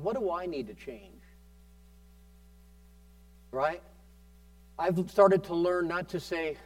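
A man's voice: a little high, darkish tone, no echo, recorded from a distance. A man preaching a fervent sermon as pastor, often prompting the congregation with amen.

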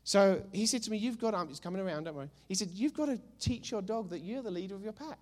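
A male pastor preaching a sermon, telling a funny story with emphatic, animated delivery. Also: high-pitched, quick pace.

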